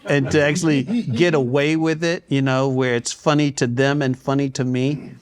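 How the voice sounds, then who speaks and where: Older man, halting laid-back talk. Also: mid-range voice, fairly even intonation. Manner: halting, repeats words, quotes himself in hushed asides. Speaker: guest. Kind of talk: relaxed interview talk.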